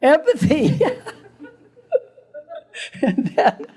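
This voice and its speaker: A man's voice: very high voice, wildly swooping pitch, very slow, dark tone. An older man giving a recorded classroom lecture in a conversational way, chuckling often.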